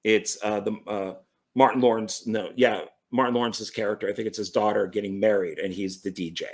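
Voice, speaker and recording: A movie collector casually goes through his film collection, rambling, correcting himself, and stumbling over names. He's relaxed and enthusiastic about films. His voice is fairly low-pitched and a little fast.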